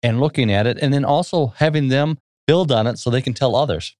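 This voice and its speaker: A man's voice: mid-range voice, a little fast, darkish tone, dry recording, studio quality. A man co-hosting a safety interview, agreeing and affirming. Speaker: podcast co-host. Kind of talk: interview talk.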